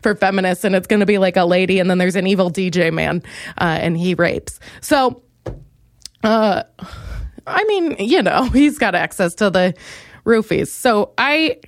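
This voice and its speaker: A young woman hosting a comedic solo podcast, ranting theatrically and jumping into loud, high outbursts. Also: expressive, normal speed, no echo, studio quality. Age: young adult. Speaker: podcast host.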